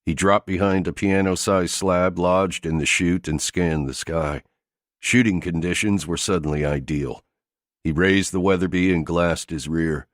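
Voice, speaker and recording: A man reads an action thriller audiobook in a steady, gritty delivery. His voice sits very deep, and the recording is close and dry with no room echo. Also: measured pace. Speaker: audiobook narrator. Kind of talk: scripted narration of an action thriller.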